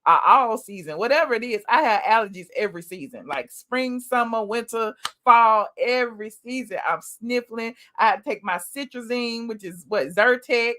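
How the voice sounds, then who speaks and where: Woman streamer, a bit hoarse, chatty, higher voice, desk mic at home. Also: normal speed, hardly any pauses, pushed and bright. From Atlanta. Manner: chatty, talks straight to viewers. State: a little hoarse. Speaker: livestream gossip host. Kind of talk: casual livestream chat. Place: home office. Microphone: USB desk mic.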